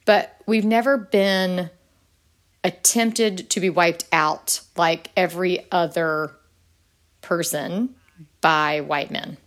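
Earnest woman with a low voice. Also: steady tone, slow, fairly bright tone. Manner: earnest, with sudden upward pitch leaps when emphatic. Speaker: podcast guest. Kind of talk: earnest conversational interview.

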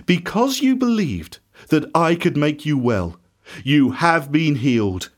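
A man voicing a gentle male teacher and healer, speaking calmly and measured. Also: fairly high pitch, exaggerated voice.

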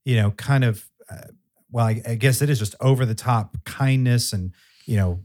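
A man's voice: mid-range voice, normal speed, a little mellow, slight background noise. A man hosting a casual interview podcast, thoughtfully summing up his guest's points. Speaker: podcast host.

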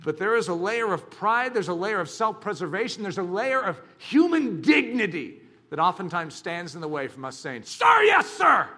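A man preaching a sermon as a pastor, talking in an animated, dramatic way with bursts of shouting. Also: high-pitched, moderate pace.

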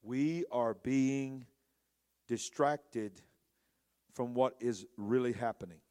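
A man preaching a passionate sermon, swinging between hushed, intimate lines and loud, rising storytelling. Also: mid-range voice, slow pace, smooth. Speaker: pastor.

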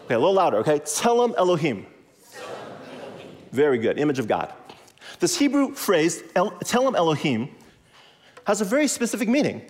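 A man preaching to a congregation in a lively, conversational way, repeating phrases for emphasis and leading the audience to say words back. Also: a little high, quick pace. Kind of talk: animated sermon with audience call-and-response.

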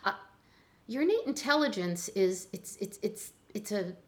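An older woman, a chiropractor, talking in a relaxed interview and telling stories with lively acted-out voices. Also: mid-range voice, normal speed. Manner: animated storyteller, acts out voices in anecdotes. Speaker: chiropractor guest. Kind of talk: conversational interview.

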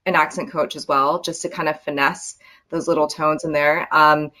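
A woman actress as interview guest, talking in a relaxed, friendly way with plenty of "like" and "um". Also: deep voice, moderate pace. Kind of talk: casual interview chat.

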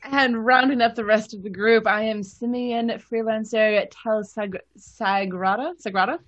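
A woman's voice: fairly high pitch, steady tone, moderate pace, fairly bright tone, muffled recording. A woman playing in a tabletop game, chatting playfully about her character. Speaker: player. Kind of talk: casual chat.

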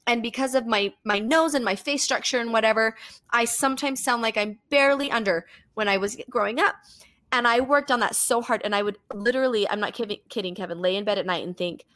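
A woman's voice: mid-range voice, fairly quick, a bit bright. A woman in her thirties, a singer and voice teacher, telling a story in a casual podcast chat and acting out what others said to her in shifting voices.

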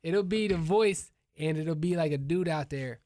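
A man hosting a casual podcast, telling stories in an animated way and laughing as he talks. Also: on the high side, moderate pace, background noise. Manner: animated storytelling, laughs while talking. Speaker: podcast host.

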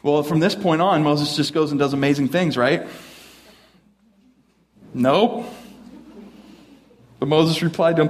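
A man preaching a sermon in a relaxed, conversational way, acting out the quoted lines as he goes. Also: fairly high pitch, measured pace, pauses often. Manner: conversational, with restarts and acted quotes. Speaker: pastor.

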